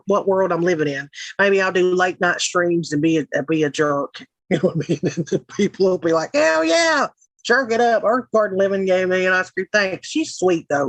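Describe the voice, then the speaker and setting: A woman's voice: fairly low pitch, no echo, low-quality recording. Rambling, cussing Southern woman streamer. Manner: rambling and profane, laughing as she goes. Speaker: livestream host. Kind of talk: casual chat reading live comments.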